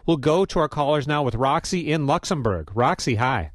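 A man hosting a radio call-in show, asking questions in a relaxed, friendly way. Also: a little high, normal speed, no echo, clean studio sound. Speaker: radio host.

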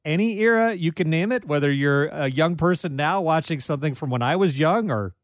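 A man's voice: on the high side, lively intonation, brisk, no room sound. A man hosting a live call-in radio show, chatting in a friendly, self-deprecating way with callers. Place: radio studio. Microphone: studio microphone.

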